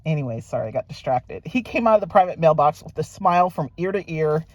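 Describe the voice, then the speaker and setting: A middle-aged woman talks casually to her viewers while she opens a parcel. Her pitch swings up and down in a lively way. She gushes and speaks straight to her audience. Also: fast talker, dry recording, highs cut off. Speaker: vlogger. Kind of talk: casual unboxing chat. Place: at a private mailbox.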